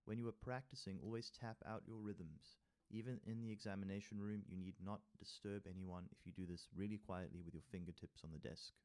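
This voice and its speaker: A man teaches music theory as a tutorial walkthrough, reading from a workbook and then adding casual asides, counting rhythms aloud and tapping them with sung syllables. His voice is lowish, steady, and darkish, moving fairly quickly with hardly any pauses.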